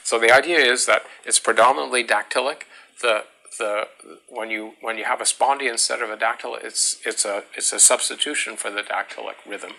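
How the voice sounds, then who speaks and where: A man giving a classroom lecture on meter, talking haltingly with many fillers and restarts, and chanting rhythm syllables to demonstrate. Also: medium pitch, steady tone, creaky, bright, forceful tone, low-quality recording. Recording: faint background noise.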